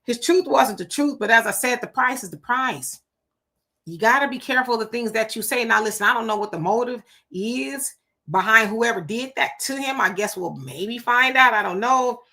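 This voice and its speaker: A woman's voice: fairly high pitch, lively intonation, moderate pace, sharp tone. A woman hosting a livestream, greeting commenters by name and reacting casually to their messages. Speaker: livestream host reading chat comments. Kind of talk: casual live-chat commentary.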